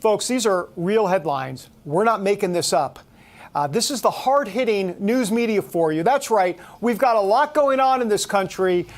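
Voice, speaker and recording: A man's voice: high voice, expressive, moderate pace. A man hosting a talk show, giving sarcastic, incredulous commentary. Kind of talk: opinion commentary.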